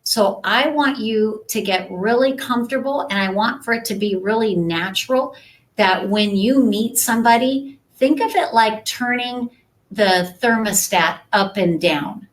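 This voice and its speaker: A woman's voice: fairly high pitch, measured pace, poor audio. A woman giving a conversational live-stream coaching talk as a sales trainer, often checking in with her viewers. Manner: conversational, checks in with "right?" and "okay?".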